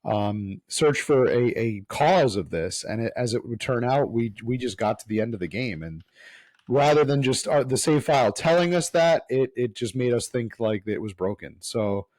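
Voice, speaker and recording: A man's voice: mid-range voice, animated, a little mellow, dry recording. A man co-hosting a casual podcast, rambling and restarting his sentences as he explains. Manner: rambling, halting, restarts often. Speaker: podcast co-host.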